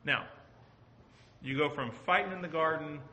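A man's voice: on the high side, moderate pace, sharp tone, a little hiss or hum. A man teaching a Bible study as pastor, earnest and asking his group questions. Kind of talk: conversational sermon. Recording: echoey room.

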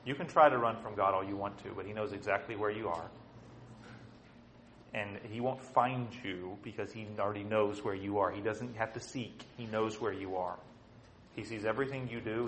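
A man preaching a sermon with emphasis, often asking "okay?" and swinging between loud stresses and hushed lines. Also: on the low side, a little fast, a little hiss or hum.

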